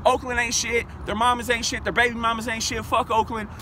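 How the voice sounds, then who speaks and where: A man's voice: extremely high pitch, flat delivery, fairly quick, pushed and bright, slight background noise. A young man hosting a comedic sports betting vlog, brash, boastful and profane, recorded outdoors in a parking lot. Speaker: sports picks vlogger.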